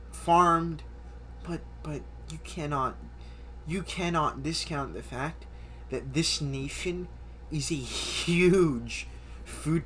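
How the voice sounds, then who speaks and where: A man's voice: fairly high pitch, a bit bright, a little hiss or hum. A man in his twenties chatting through a list of things he loves, enthusiastic and stumbling over repeated words. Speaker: vlogger. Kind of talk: casual chatty list commentary.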